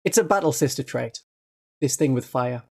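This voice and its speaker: Northeast English streamer, gentle and easygoing, laughs a lot, casual livestream chat, mid-pitched. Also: lively intonation, moderate pace, slightly rough. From northeast England.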